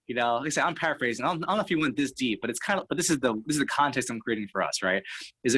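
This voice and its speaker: A man's voice: mid-range voice, lively intonation, very fast, a bit bright, slightly rough, rough recording. A man talking as a sales and motivational speaker in casual coaching talk, rambling and full of fillers and tag questions.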